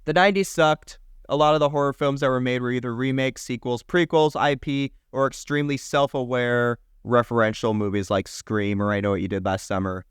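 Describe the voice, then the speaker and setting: Co-hosting a podcast, this young man speaks in a mid-range voice with a steady tone, racing enthusiastically through film history one year at a time. Years come out in quick bursts, and casual swearing slips in. The sound is clean studio quality without echo.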